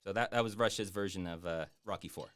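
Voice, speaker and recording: A man chatting casually on a live stream, answering viewer questions in a rambling, jokey way with lots of fillers and deadpan boasts. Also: low voice, fast. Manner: hesitant with many fillers. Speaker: YouTube streamer answering chat.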